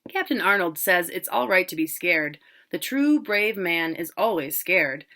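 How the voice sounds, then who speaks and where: A woman's voice: lowish voice, expressive, a little slow, pushed and bright, heavily acted. A woman voicing a proud, cocky young man, the older brother home from college.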